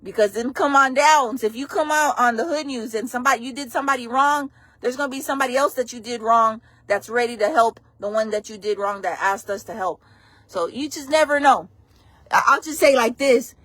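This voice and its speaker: A woman's voice: fairly high pitch, a little fast, a bit bright, no room sound. A sassy, blunt woman, hosting a casual gossip news live stream and calling her viewers "friends" and "baby.".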